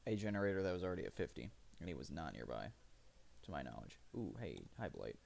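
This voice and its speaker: A man's voice: rumbling low, sing-song, fast talker, creaky, a little mellow. A man streaming live, rambling through profane, self-mocking commentary as he plays.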